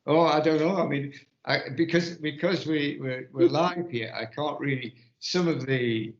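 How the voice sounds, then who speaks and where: A man rambling in a halting way on a finance podcast panel, often restarting his sentences. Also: fairly high pitch. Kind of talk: casual panel chat. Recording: muffled audio in a roomy space.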